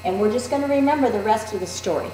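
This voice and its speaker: A woman teacher demonstrating a classroom activity in a clear, deliberate, instructive way. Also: medium pitch, animated, dark tone, a little hiss or hum. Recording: roomy echo.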